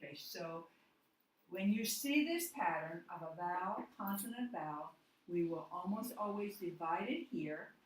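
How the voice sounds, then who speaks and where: A woman teaching a phonics lesson, walking through each step slowly and patiently. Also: fairly low pitch, expressive, reverberant, a little hiss or hum, poor audio. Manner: slow, patient, step-by-step explaining.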